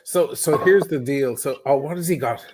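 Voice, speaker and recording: A man telling a wild story in casual chat, swearing freely and animated. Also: mid-range voice, normal speed, noisy background. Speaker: guest storyteller.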